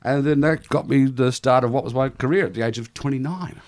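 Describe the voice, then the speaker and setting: A middle-aged Australian man in casual podcast chat, telling stories in an animated, self-deprecating way and laughing often. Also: medium pitch, a little fast. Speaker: guest comedian.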